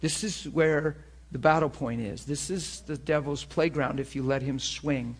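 A man preaching a sermon to a class. His voice is husky and sits a little high for a man. He talks in an animated, conversational way, the way a teacher speaks straight to his students. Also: unhurried.

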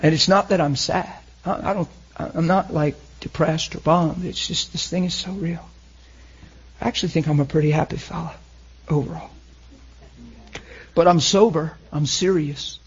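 A man preaching a sermon, emotional, swinging between loud and hushed. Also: fairly high pitch, steady tone, moderate pace, pauses often, husky, dull audio.

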